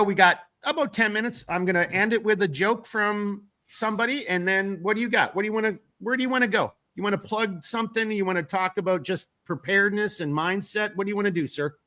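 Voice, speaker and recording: A man's voice: sits high, brisk, bright, forceful tone, dry recording. A man with a northern US accent hosting a live stream, reading viewer comments in a rambling, blunt way and swearing freely.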